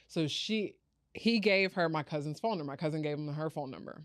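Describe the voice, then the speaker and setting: A young adult woman, a startup founder, tells her story in an interview, animatedly acting out other people's voices. Her voice is low-pitched and fairly quick, with clean studio sound and no echo.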